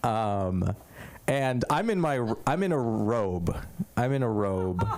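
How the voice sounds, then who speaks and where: Man comic, slow delivery, pauses often, easygoing storyteller at open mic. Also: lowish voice, lively intonation, background noise. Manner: unhurried, with frequent ums and pauses. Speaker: stand-up comic. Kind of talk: stand-up storytelling.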